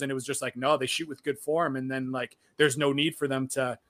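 A man co-hosting a sports podcast, telling stories in a casual, animated way with lots of filler words. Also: mid-range voice, fairly quick. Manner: animated storyteller, frequent "like" fillers. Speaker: podcast co-host.

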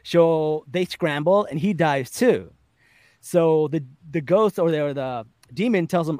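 Male podcast host, upper-middle pitch, dry close sound, lively storyteller. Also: unhurried, no echo. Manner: animated storytelling, laughing often, acting out quotes. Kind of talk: casual chat, recapping a TV episode.

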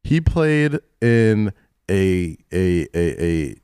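A man co-hosting a podcast, arguing a point in a casual chat, animated and full of restarts. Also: low-pitched, drawn-out words, smooth, no room sound, clean studio sound. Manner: animated, argumentative, restarts often.

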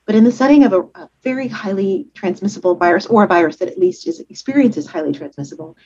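A woman doctor explaining things in a measured way, with a husky voice and many fillers. She is heard over a dull, lo-fi remote line. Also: medium pitch, expressive, dark tone. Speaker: infectious disease physician. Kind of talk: expert guest on radio.

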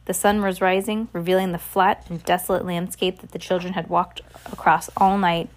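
A woman's voice: lowish voice, little pitch movement, moderate pace. A woman reading a novel aloud in a casual way, with small slips and restarts. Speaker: reader.

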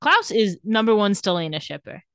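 A woman's voice: mid-range voice, normal speed, no echo, studio quality. A woman co-hosting a podcast, recapping a TV episode in casual chat with wry, joking asides. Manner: lively storytelling, reading out lines of dialogue.

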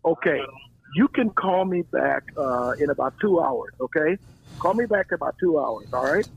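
A man answering a prank call and brushing it off briskly, saying he is busy. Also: a little high, lively intonation, gravelly, husky, low-quality recording. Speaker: caller on the phone.

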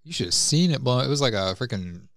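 A man's voice: medium pitch, expressive, fast, a bit bright, no echo, clean studio sound. A man hosting a casual podcast chat, laughing often and rambling a bit. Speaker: podcast host. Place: small home studio.

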